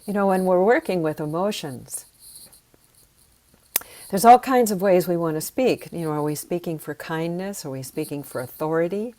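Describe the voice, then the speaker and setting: Low-voiced woman guiding breathing exercises. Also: warm tone. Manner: slow, soothing instructions. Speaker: sound healing teacher.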